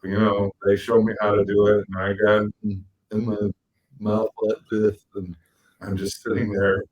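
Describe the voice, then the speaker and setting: A man co-hosting a podcast, telling animated stories and acting out quotes with big jumps in his voice. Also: lowish voice, moderate pace, husky, poor audio. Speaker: podcast co-host. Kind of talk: casual storytelling chat.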